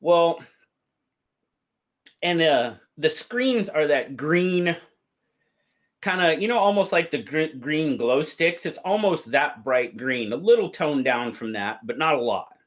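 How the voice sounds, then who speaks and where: A man hosting a livestream, telling stories in a casual, drawn-out way and reading out chat. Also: fairly high pitch, lively intonation. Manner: drawn-out, easygoing storytelling with quoted voices. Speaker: livestream host. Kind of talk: casual storytelling to live chat.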